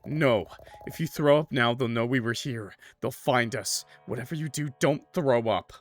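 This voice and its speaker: A man voicing a young man in a horror game who speaks low and urgently. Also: moderate pace, soft background music, close to an everyday voice. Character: young man, urgent and controlling under pressure.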